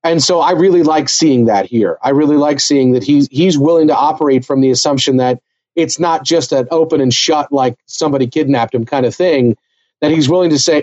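A man's voice: on the high side, fairly quick, darkish tone, highs cut off. A man co-hosting a casual TV recap podcast, talking things through in a thoughtful, analytical way. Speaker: podcast co-host.

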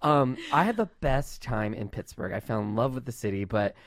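A man's voice: mid-range voice, expressive, no room sound, studio quality. A man hosting a podcast, chatting casually in a playful, joking way. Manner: playful, jokey, quick restarts. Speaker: podcast host. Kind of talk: casual chat.

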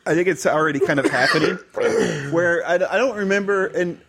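A man's voice: high-pitched, normal speed, creaky, background noise. A young man, a podcast guest, talking casually and thoughtfully, with some hesitation. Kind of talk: casual chat.

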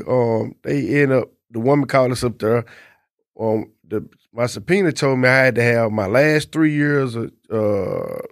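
A man's voice: mid-range voice, dry recording, studio quality. A man, co-hosting a casual chat and telling a long personal story in a laid-back, profane way. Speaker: podcast co-host.

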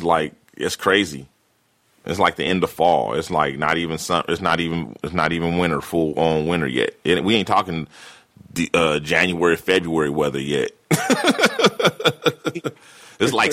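A man with a lowish voice chats freely on a podcast, swearing easily and mimicking characters. He rambles, restarts and laughs his way through an episode recap. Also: animated, measured pace, a bit bright. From California. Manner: loose, profane, recaps scenes with playful impressions. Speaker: podcast co-host. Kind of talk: casual chat.

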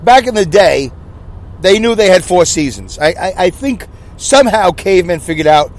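A man's voice: high-pitched, expressive, moderate pace. A man in his sixties with a New York accent, hosting a solo podcast in a jokey, self-deprecating, rambling way. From Brooklyn, New York. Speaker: podcast host.

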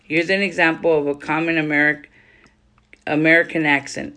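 A woman's voice: low-pitched, steady tone, normal speed, bright, forceful tone. A woman podcast host reading aloud from a book on writing, breaking off for loose conversational comments. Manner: reads steadily, then adds loose conversational comments. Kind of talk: reading a writing guide aloud with casual asides.

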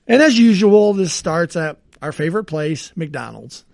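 A man co-hosting a podcast, telling rambling everyday stories in a relaxed chat and chuckling often. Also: fairly high pitch, measured pace, vocal fry, no echo, clean studio sound. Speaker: podcast co-host.

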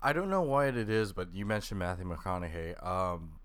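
A man hosts a laid-back podcast in a lowish voice. He speaks loosely, with fillers and restarts, and keeps the chat moving. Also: normal speed, clear, resonant tone, no echo. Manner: relaxed, hesitant with fillers, steering the talk. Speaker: podcast host. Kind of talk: casual chat.

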